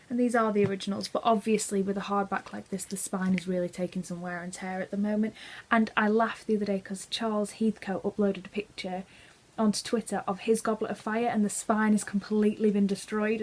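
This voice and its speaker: A woman's voice: medium pitch, darkish tone, husky, poor audio. A woman talking casually about books she is reading, chatty and opinionated, with small restarts as she thinks aloud. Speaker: book vlogger. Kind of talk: casual book review chat.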